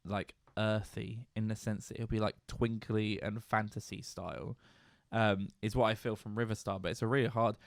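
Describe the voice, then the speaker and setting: A man's voice: on the low side, little pitch movement, moderate pace, vocal fry, dry recording, clean studio sound. A British man co-hosting a podcast, chatting casually with playful, teasing banter. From Britain. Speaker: podcast co-host. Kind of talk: casual chat.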